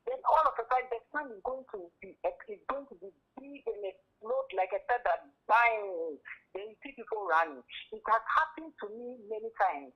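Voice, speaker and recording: A woman's voice: fairly high pitch, lively intonation, slightly rough. Woman calling in, muffled phone sound, hesitant, lots of restarts. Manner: hesitant, halting retelling. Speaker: caller. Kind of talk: phone-in call.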